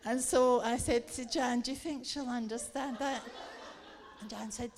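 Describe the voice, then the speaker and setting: A woman preaching a sermon, telling a lively story and acting it out with laughter. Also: on the high side, a little slow. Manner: animated, acts out the story with laughter.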